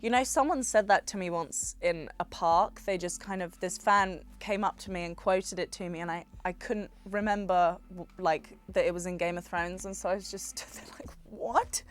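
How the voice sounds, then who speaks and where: A woman in her twenties, an actress guest on a radio show, chatting casually with giggly, animated storytelling. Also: on the low side, moderate pace, hardly any pauses. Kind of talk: casual chat. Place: radio studio.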